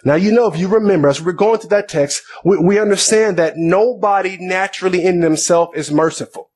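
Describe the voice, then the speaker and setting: High-voiced man preaching a sermon. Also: a little fast, darkish tone. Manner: reads scripture then explains in plain conversational asides; repeats words and restarts phrases.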